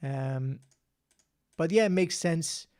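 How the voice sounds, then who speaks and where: A man hosts a casual live-stream quiz in a fairly high, slightly mellow voice at a slow pace. He chats, reads out answers and scores, and laughs often.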